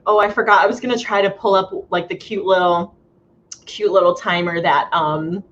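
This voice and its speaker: A woman's voice: mid-range voice, steady tone, moderate pace, fairly bright tone, slight background noise. Chatty woman streamer, lo-fi sound. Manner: chatty and upbeat, many fillers, laughs often. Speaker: host of a live writing stream. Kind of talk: casual livestream chat.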